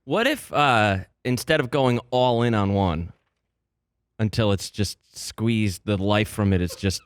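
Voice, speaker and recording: A man's voice: on the low side, lively intonation, unhurried, clear, resonant tone, no room sound. Dry, teasing man in studio banter. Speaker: show regular.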